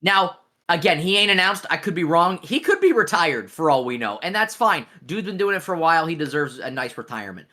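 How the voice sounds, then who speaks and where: A man co-hosting a podcast, talking in a blunt, animated way and swearing freely in casual chat. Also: a little high, fairly quick, hardly any pauses. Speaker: podcast co-host.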